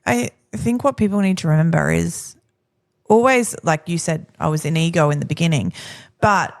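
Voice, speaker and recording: A woman's voice: fairly low pitch, moderate pace, creaky. A woman with an Australian accent co-hosting a podcast, chatty, speeding up when she quotes herself. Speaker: podcast co-host. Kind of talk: candid podcast conversation.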